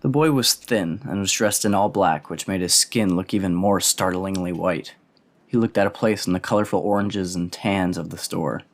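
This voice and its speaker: Audiobook narrator, male, very low pitch, steady read. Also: normal speed.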